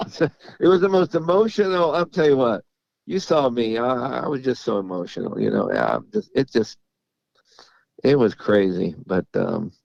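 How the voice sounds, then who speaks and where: A middle-aged racehorse trainer telling stories in a casual interview, halting and repeating words as he goes, often laughing. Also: mid-range voice, creaky, darkish tone, no room sound. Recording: dull lo-fi audio.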